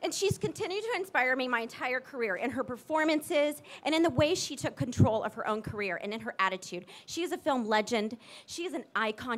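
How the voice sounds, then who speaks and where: A woman in her forties giving an emotional public tribute speech, gushing and excited, close to tears at times. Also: high voice. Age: 40s. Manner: gushing, excited and teary, quick asides. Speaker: tribute speaker at a ceremony.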